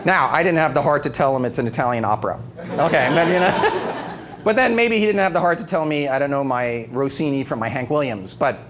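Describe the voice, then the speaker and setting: A man's voice: fairly high pitch, a little fast, a crowd in the background. A middle-aged man giving a humorous talk to an audience, telling stories with animation, often laughing and acting out quotes. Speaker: speaker giving an evening talk. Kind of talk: humorous storytelling speech. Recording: noisy live talk recording. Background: background noise.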